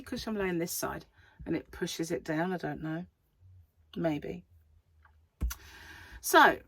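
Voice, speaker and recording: A woman's voice: fairly low pitch, husky, no echo. A middle-aged woman, chatting casually and rambling to camera as a crochet vlogger, laughing often.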